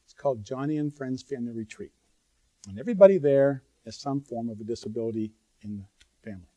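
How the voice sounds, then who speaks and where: A man's voice: mid-range voice, fast talker, dark tone, no echo. A man preaching a sermon in a conversational, earnest way, breaking into sudden bursts of emphasis and asides to the audience. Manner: talks straight to the audience with asides.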